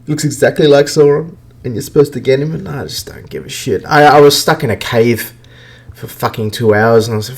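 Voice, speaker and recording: A man holds forth on video games in a loose, off-the-cuff podcast rant. He swears constantly and speaks bluntly, at an ordinary middle pitch for a man. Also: brisk, vocal fry. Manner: profane, blunt, ranting. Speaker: podcast host. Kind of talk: casual gaming rant.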